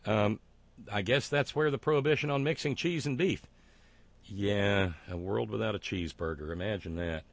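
A man hosting a talk show, delivering sardonic, wry commentary with frequent fillers and halting restarts. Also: lowish voice, vocal fry, no echo.

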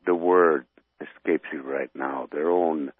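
A man's voice: extremely low pitch, steady tone, slow, slightly rough, no echo. Rambling man on a phone line. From North Dakota. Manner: rambling, heated, searching for words. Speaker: radio caller. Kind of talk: phone-in rant.

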